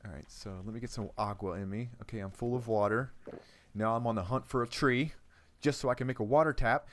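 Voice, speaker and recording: A man giving let's-play commentary on his own gameplay, joking and talking to himself, his volume swinging between loud outbursts and quiet mutters. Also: on the low side, animated, fast talker, slight background noise. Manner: playful, jokey, talks to himself while playing, volume swinging from loud to muttered. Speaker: gaming channel host.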